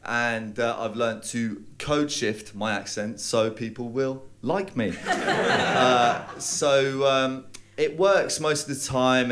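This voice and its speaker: A young man from London with a London accent, telling stand-up stories with hesitant fillers and deadpan delivery. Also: mid-range voice, a little hiss or hum. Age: young adult. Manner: deadpan storytelling with hesitant fillers and bursts of put-on voices. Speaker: stand-up comedian. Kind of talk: stand-up comedy set. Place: comedy club stage with live audience. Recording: live room with loud audience laughter. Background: audience laughing.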